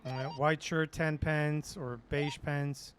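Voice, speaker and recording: A man's voice: on the high side, little pitch movement, takes it slowly, fairly bright tone, a little hiss or hum. A man doing in-character police roleplay in a game, talking hesitantly with many filler sounds. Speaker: police sergeant in a roleplay server.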